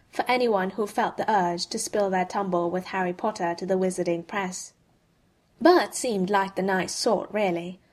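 Woman reading a story aloud, expressive, middle of the range pitch. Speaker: audiobook reader. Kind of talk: fan fiction narration.

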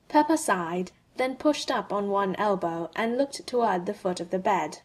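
A woman reading a fan-written story aloud as an audiobook, in a steady, even storytelling manner. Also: lowish voice, measured pace, husky. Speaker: audiobook reader. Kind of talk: fanfic audiobook narration.

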